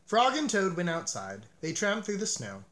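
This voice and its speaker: A man reading a children's picture book aloud as narrator, with an expressive, animated delivery. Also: sits high, moderate pace.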